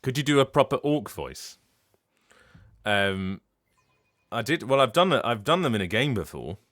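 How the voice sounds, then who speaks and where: A man's voice: mid-range voice, very animated, normal speed, a bit bright. A man, a voice actor, chatting casually while streaming a game, rambling and correcting himself as he goes. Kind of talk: casual live-stream chat.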